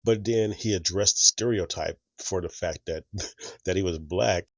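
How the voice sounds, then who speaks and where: A very deep-voiced man gives reaction commentary, musing aloud in a relaxed, conversational way. The sound is dry and close, with a slightly dull tone. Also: measured pace, dry recording. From United States. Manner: conversational, reflective, thinks aloud. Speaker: reaction channel host.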